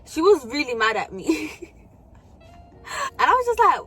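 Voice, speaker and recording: A woman's voice: high-pitched, big pitch swings, measured pace, fairly bright tone, faint music behind. A young woman telling a storytime vlog in casual, slangy talk with frequent swearing and fillers. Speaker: vlogger.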